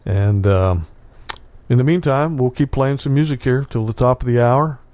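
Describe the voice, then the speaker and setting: Smooth-voiced man hosting local radio. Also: mid-range voice, a little mellow, no room sound. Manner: halting, many uh fillers. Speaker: radio host. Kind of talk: casual local radio chat. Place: small radio studio.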